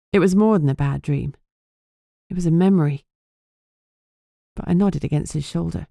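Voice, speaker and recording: Low-voiced woman narrating. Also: normal speed, gravelly, long pauses, warm tone, no echo, studio quality. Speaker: audiobook narrator. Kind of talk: first-person audiobook narration.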